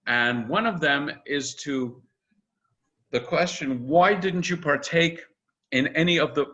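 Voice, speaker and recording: An older man teaches an informal class in a bright, forceful voice, chatty and animated, quoting texts with plenty of "uh"s. The sound is dull and lo-fi, like audio from a video call. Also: mid-range voice. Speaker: rabbi teaching an intro class. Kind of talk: informal lecture.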